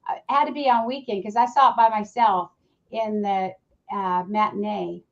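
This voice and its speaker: A woman's voice: mid-range voice, steady tone, moderate pace. A woman on a casual livestream chat, telling rambling anecdotes with enthusiasm. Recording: dull lo-fi stream audio.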